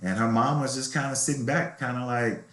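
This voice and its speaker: A man's voice: mid-range voice, fairly even intonation, fairly quick, a bit bright. A middle-aged man, a novelist, telling his life story in a reflective, candid way during an interview. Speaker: novelist guest. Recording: roomy echo.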